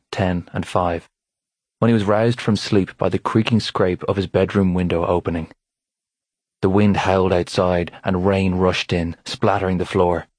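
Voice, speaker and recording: Deep, husky male audiobook narrator. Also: darkish tone, dry recording. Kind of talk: scripted narration.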